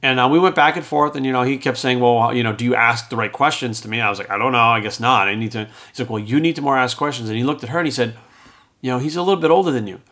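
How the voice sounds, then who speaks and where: A man's voice: medium pitch, racing, fairly bright tone. A middle-aged man telling a personal story in a casual, rambling monologue, acting out the lines of the people in it as a podcast host. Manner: rambling and conversational, acts out quoted dialogue. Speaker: fitness coach and podcast host.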